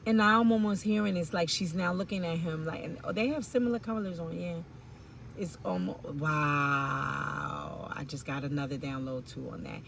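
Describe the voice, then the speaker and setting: A woman's voice: deep voice, moderate pace, vocal fry, a bit bright, slight background noise. A woman giving an intuitive tarot reading, musing aloud in informal slang with rambling asides and fillers. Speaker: tarot reader.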